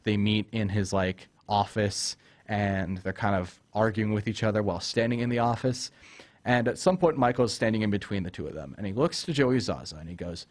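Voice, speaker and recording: A man's voice: on the low side, a little fast. Opinionated young man ranting about a film. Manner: opinionated, exasperated ranting, acts out film scenes. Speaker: host. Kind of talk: casual movie review chat.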